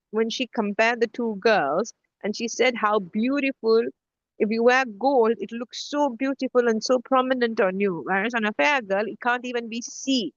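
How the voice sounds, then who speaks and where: Middle-aged woman co-host, chatty animated storyteller, slightly high voice, dry dull lo-fi sound. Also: dry recording. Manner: animated storytelling with many restarts. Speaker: podcast co-host. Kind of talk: casual conversation.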